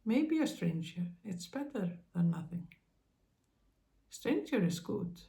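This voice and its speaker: Woman, spiritual channel host; slow, halting monologue, mellow and gravelly, gently reassuring. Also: mid-range voice, very animated. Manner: slow, halting, with many pauses and fillers; speaks to listeners with tender reassurance.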